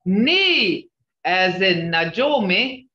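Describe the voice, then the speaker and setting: A woman's voice: mid-range voice, very animated, drawn-out words, bright, forceful tone, recorded from a distance. An older woman teaching a language class over a video call, coaching patiently and checking in with a frequent "okay?". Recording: muffled, echoey video call audio.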